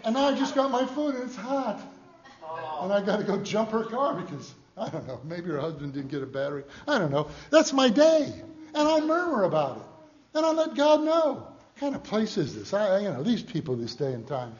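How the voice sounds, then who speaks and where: A high-pitched male pastor preaching in a folksy, storytelling way. He swings from loud, emphatic lines to hushed, joking asides. The recording sounds slightly muffled and lo-fi. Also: very animated, brisk, slight background noise. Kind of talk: sermon.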